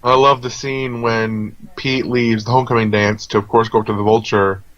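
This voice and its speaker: A man chatting casually as co-host of a movie review, drifting from thought to thought with plenty of ums and restarts. His voice sits in an ordinary middle pitch. The recording is dull and lo-fi, with a dry, close sound and no room echo. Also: level tone, normal speed, fairly bright tone. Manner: rambling, with many fillers and restarts. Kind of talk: casual chat.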